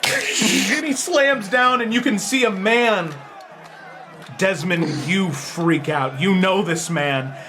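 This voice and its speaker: A man running a tabletop game as game master, narrating with lots of laughter and animated energy. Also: high-pitched, slow pace, faint music behind. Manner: animated, laughing often, shouting character voices.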